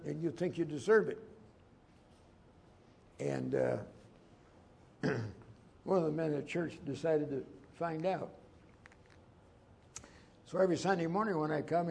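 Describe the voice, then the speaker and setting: A male pastor with a somewhat high, gravelly voice, preaching in a folksy, conversational way. He drifts into personal stories and leans hard on his points. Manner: folksy, conversational, emphatic, storytelling. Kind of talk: sermon with personal anecdotes.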